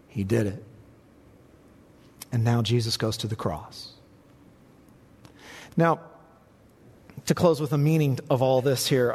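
A man preaching a sermon as pastor, building to emphatic peaks and dropping low for quiet points. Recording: long reverb in a large hall.

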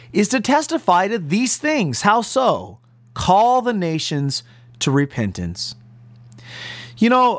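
A man delivering an earnest radio sermon in a fairly high voice that rises and falls a great deal. He stresses his key phrases slowly and firmly. The sound is dry and close, with no room around it. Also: no echo. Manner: earnest, emphatic preaching with slow stressed phrases. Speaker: pastor.

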